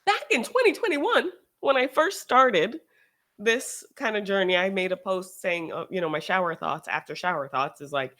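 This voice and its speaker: Streamer host chatting live, sarcastic and animated, mid-range voice, keeps restarting sentences. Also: mid-range voice, normal speed. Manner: animated, sarcastic, shifts into mocking quoted voices. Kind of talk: casual livestream chat.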